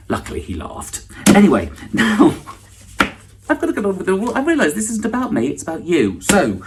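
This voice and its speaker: There's background noise behind this medium-pitched man, a middle-aged comedian hosting an online awards show. He runs through a dry, self-deprecating monologue full of asides and false starts.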